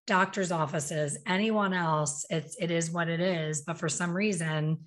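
Animated woman co-hosting, slightly low voice. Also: unhurried. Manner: lively, animated storyteller acting out clients. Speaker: co-host, salon coach. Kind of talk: casual podcast chat.

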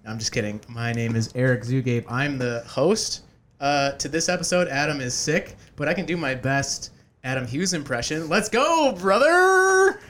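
A man's voice: medium pitch, moderate pace, a bit bright, a little hiss or hum. A man hosting a casual podcast chat, joking and laughing often, with many fillers. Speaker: podcast host.

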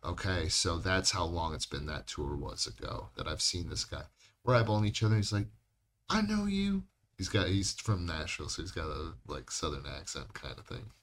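A man's voice: deep voice, brisk, a bit bright. A man co-hosting a podcast, telling rambling, profane stories in casual chat. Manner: rambling, swears a lot. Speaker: podcast co-host.

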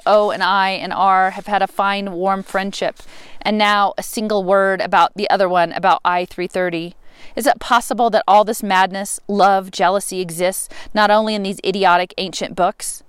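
A woman reading a novel aloud, expressive, with sudden rises and emphatic words. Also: medium pitch, clean tone, no echo. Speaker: reader.

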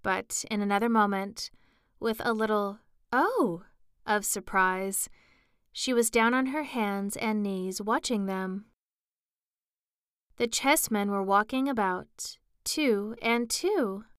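A woman narrating a storybook as an audiobook, in a slow, even storytelling manner. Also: mid-range voice, clear, resonant tone, dry recording, studio quality. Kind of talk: audiobook reading.

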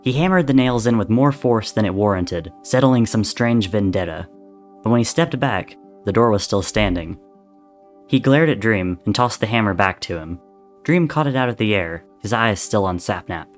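A man reading a story aloud in a measured, softly dramatic narration. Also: lowish voice, expressive, soft background music. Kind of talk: reading fan fiction aloud.

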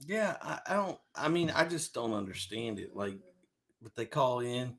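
A man in his thirties co-hosting a podcast in casual chat, teasing and provoking, sometimes bursting into shouting. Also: mid-range voice, very animated, moderate pace, vocal fry. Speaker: podcast co-host.

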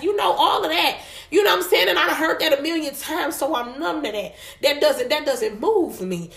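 A woman with a Detroit accent co-hosting a podcast, talking in a playful, expressive, slangy way and often asking "you know what I'm saying?". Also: high voice, a little fast, vocal fry, hardly any pauses, roomy sound. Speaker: podcast co-host. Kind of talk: casual podcast chat.

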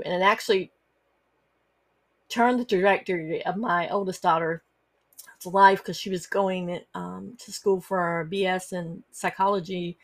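A middle-aged woman, hosting a personal storytelling podcast and talking earnestly, with frequent fillers and restarts. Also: lowish voice. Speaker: podcast host.

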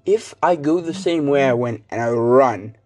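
A teenage boy talks alone into his podcast mic, rambling from one point to the next. His delivery is casual and animated, packed with fillers and restarts as he tells the story. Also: medium pitch, moderate pace. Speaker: student podcaster. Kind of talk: casual solo podcast monologue.

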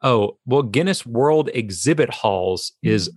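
A man's voice: medium pitch, expressive, takes it slowly, breathy edge, no room sound. Easygoing man with a dry-sounding voice. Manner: laid-back, chuckling storyteller. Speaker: podcast co-host. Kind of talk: casual chat.

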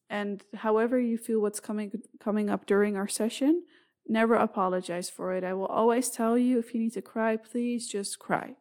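Woman, solo podcast host, earnest, rambling, fillers and restarts, medium pitch. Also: darkish tone.

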